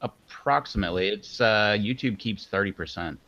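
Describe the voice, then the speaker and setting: A man's voice: on the low side, moderate pace, fairly bright tone. A man hosting a casual livestream, chatting in a rambling way with lots of fillers. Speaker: livestream host. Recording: dull lo-fi sound.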